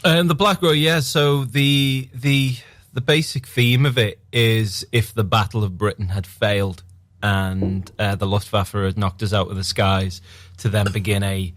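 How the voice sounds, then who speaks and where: A man, an actor guest on a radio interview, talking hesitantly with many ums and pauses. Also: fairly low pitch, steady tone, a bit bright.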